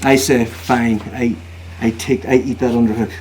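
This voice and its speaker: A man teaching jiu-jitsu technique during a live demonstration, talking in halting phrases and often checking in with "okay?". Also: mid-range voice, little pitch movement, darkish tone. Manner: talks while moving on the mat, halting phrases. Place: training room at a retreat. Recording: noisy room recording.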